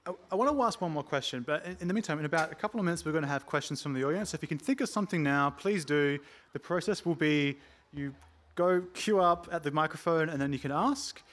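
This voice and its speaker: A man runs a panel discussion on stage. His voice is a little high for a man. He speaks in a plain, organized way and tells the audience how to ask their questions. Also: fast talker, few pauses, fairly bright tone. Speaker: panel moderator. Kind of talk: moderating a live panel. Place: stage before a live audience.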